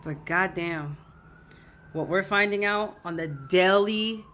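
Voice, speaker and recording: Slow-paced, with a lowish but fairly bright voice, this woman delivers a heated, profane reaction rant straight to camera as a social media commentator, repeating herself as she goes.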